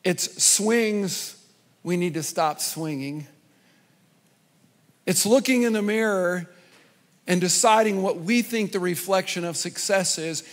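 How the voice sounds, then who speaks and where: A man preaching a sermon as a pastor, telling a joke in a conversational, lively storytelling way. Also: high-pitched, takes it slowly, pauses often, big-room sound.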